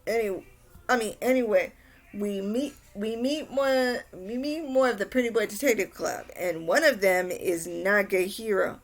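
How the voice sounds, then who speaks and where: A woman's voice: medium pitch, unhurried. A young woman recaps an anime in a casual, rambling way. She restarts sentences often and sounds mildly exasperated at the plot. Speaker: anime reviewer.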